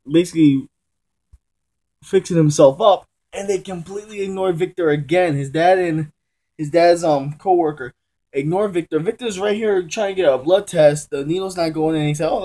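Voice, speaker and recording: A young man with a high, warm voice casually reviews a comic book at a normal speed. He rambles in loose slang and often corrects himself, speaking from a room at home during a move.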